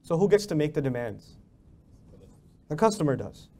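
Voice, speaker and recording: Animated high-voiced male lecturer. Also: normal speed. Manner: animated, rhetorical questions, acts out mock dialogues. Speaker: lecturer on the Quran. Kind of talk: Islamic lecture.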